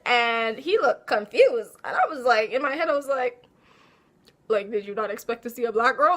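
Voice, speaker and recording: A young woman telling a casual storytime, animated and laughing as she acts out her own quotes. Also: on the high side, normal speed. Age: young adult. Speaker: vlogger.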